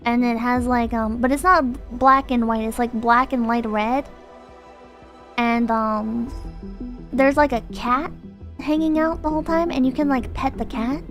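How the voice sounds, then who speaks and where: A woman's voice: on the high side, fairly even intonation, measured pace, a bit bright. A young woman streamer chatting casually and rambling self-consciously as she reads viewer comments. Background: background music.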